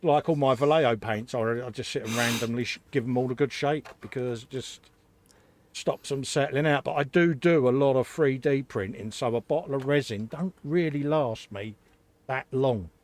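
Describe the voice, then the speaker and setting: A man's voice: medium pitch, moderate pace, slight background noise. A man co-hosting a live hobby stream, chatting casually and calling people "mate". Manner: chatty, says "mate" a lot. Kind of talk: casual banter while building models.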